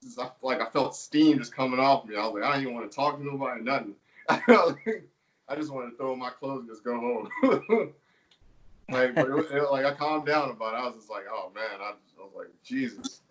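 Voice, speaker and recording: Laid-back wrestler telling stories, slightly distant. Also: male voice, mid-range voice, brisk. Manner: laid-back storytelling, laughs often, filler words. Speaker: pro wrestler guest. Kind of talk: casual interview chat.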